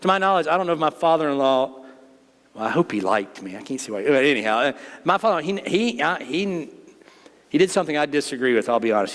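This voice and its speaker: A middle-aged man preaching a conversational sermon to his congregation, joking and folksy as he talks straight to them. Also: medium pitch. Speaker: pastor. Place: church sanctuary. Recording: long reverb of a church sanctuary.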